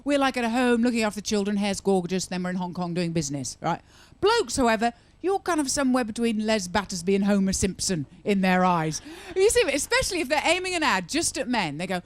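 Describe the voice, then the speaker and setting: Female stand-up comic, chatty and sarcastic, animated delivery. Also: mid-range voice, fairly quick, few pauses. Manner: chatty, teasing the crowd, sarcastic asides. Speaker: stand-up comedian. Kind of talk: stand-up comedy set. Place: live comedy venue with audience.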